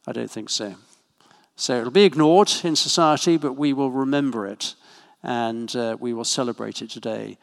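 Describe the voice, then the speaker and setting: Conversational preacher in a reverberant church. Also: male voice, medium pitch, vocal fry. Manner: conversational, with asides and little jokes. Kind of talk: sermon. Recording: long hall reverb.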